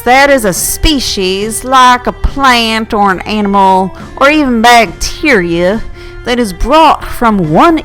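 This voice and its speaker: A woman voicing a retired male zoologist who explains things slowly and hesitantly. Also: on the high side, fairly bright tone, poor audio. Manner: slow, lecturing, hesitant.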